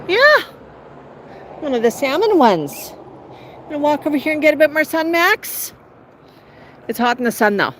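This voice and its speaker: Chatty woman livestreaming on a patio. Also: mid-range voice. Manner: chatty, coaxing baby talk to her birds. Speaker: parrot owner hosting a livestream. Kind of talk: casual livestream chat with her parrots. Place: outdoor patio in the shade. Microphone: cell phone. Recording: outdoor phone audio with faint traffic.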